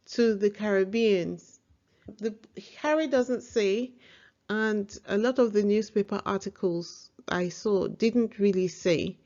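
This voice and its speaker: A woman's voice: mid-range voice, warm tone, lo-fi sound. A woman hosting a casual book review vlog, chatty and opinionated. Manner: chatty, opinionated, laughs easily.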